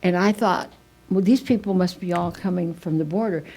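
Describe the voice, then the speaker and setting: A woman's voice: fairly low pitch, normal speed, warm tone, low-quality recording. Chatty older woman telling stories. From United States. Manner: chatty, self-mocking storyteller with many restarts. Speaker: AA speaker. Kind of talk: speaker meeting share. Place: meeting room.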